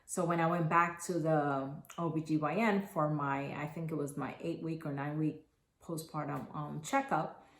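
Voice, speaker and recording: A woman in her thirties telling her own story to camera, earnest and halting, with many restarts. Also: deep voice, steady tone. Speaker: mother sharing her postpartum story. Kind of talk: personal testimonial to camera. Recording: echoey room.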